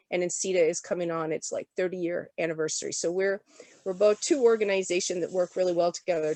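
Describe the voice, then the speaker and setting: A woman presenting at an online economic development summit, rushing through her points in a rapid auctioneer style while sick, upbeat and enthusiastic. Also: lowish voice, darkish tone, dry recording. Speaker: regional development commission presenter.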